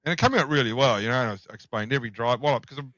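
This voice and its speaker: A man's voice: mid-range voice, racing, a bit bright, no room sound. A middle-aged Australian man, a podcast guest, telling blunt, profane anecdotes in casual chat. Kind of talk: casual storytelling. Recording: dull, dry lo-fi sound.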